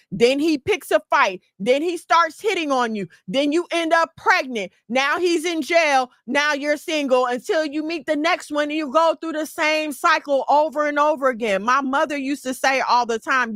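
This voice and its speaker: A woman hosting a podcast, giving emphatic, preachy advice through lively storytelling. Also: high-pitched, normal speed, few pauses, no room sound, clean studio sound. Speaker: podcast host. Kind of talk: casual advice talk.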